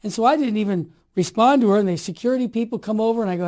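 A man's voice: high voice, racing, few pauses, darkish tone. A man on a Catholic radio show, talking in an emphatic, fiery and preachy way. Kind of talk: impassioned casual talk.

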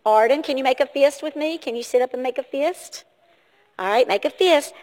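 A woman's voice: high voice, a little fast, darkish tone. A woman giving a children's sermon in a church, asking the kids lots of questions in an encouraging way. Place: church sanctuary. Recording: long hall reverb.

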